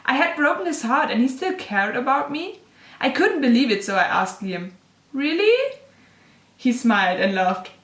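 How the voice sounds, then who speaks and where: A woman's voice: fairly high pitch, expressive, moderate pace, a bit bright. A young woman reading her old fanfiction aloud with gushing, self-mocking commentary. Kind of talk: dramatic reading with casual commentary. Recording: echoey room.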